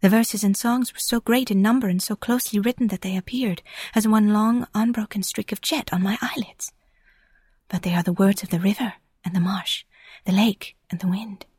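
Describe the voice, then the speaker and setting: A still, mysterious young girl speaks in a whispered role-play, as a woman puts her on. Her voice is breathy and hushed, barely more than air. It sits close and dry, with no room sound. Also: medium pitch, steady tone, moderate pace, no room sound.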